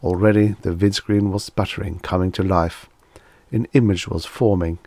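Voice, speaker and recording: A man reading vintage science fiction as an audiobook narrator, in a steady, even storytelling manner. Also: low-pitched, moderate pace, creaky, no echo. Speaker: audiobook reader.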